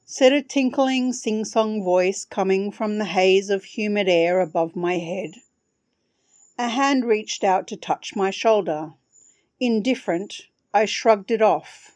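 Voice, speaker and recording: A woman's voice: mid-range voice, slow, a little mellow, dry recording. Wry woman reading her travel story. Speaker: podcast host and author.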